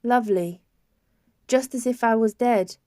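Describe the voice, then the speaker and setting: A woman voicing an injured woman patient, speaking weakly in a quiet, low mumble. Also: unhurried, no echo, clean studio sound, close to an everyday voice. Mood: wry. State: weak and hurting. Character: injured woman patient, weak, weary and calm.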